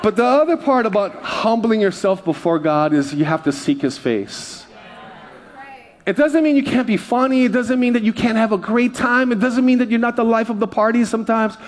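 A man's voice: very high voice, expressive, moderate pace. A middle-aged man from Hawaii preaching a sermon as pastor, telling funny stories and switching into voices for the people he quotes.

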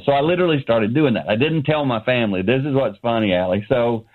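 A man's voice: mid-range voice, a little fast. Middle-aged male guest for a call-in segment, earnest storyteller, heard over a thin phone line. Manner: earnest, animated storyteller who acts out dialogue. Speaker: ministry founder, guest. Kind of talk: telling a personal story on a radio show. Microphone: remote line.

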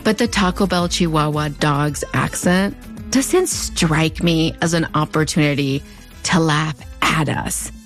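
A woman in her thirties or forties with a Mexican border (fronterizo) accent hosts a video essay, narrating commentary wryly and conversationally with playful asides. Her voice sits low and her pace is measured, with faint music behind her.

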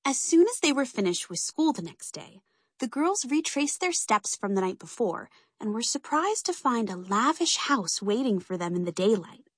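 A woman narrates a children's story in a lively, swooping voice that is a little husky and fairly high. She reads at a moderate pace, and the recording is close and dry, with no room sound.

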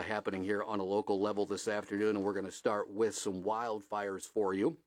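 A middle-aged man hosting a radio show, telling a story with lots of "uh" fillers, his voice jumping high when he quotes people, then reading local headlines. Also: no room sound, clean studio sound. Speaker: radio host. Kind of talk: casual storytelling and local news.

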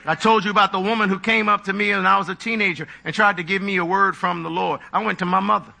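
A man preaching a live sermon to his congregation, animated, with mocking asides and humor. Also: high voice, fast talker, vocal fry. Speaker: pastor.

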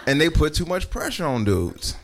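A man's voice: fairly high pitch, huge pitch swings, moderate pace. A man doing stand-up, talking bluntly and addressing the crowd directly. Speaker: stand-up comedian. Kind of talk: stand-up set. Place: comedy club stage.

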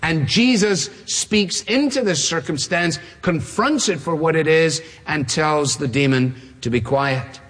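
Husky-voiced man preaching in a reverberant hall. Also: on the high side. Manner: emphatic, repetitive phrasing, slows down to stress points. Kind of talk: expository sermon. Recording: long reverb of a large hall.

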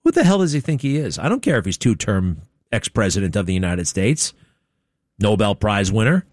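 A man's voice: lowish voice, big pitch swings, brisk, dry recording, studio quality. A man hosting a talk show, giving opinionated commentary in a sarcastic, mocking way.

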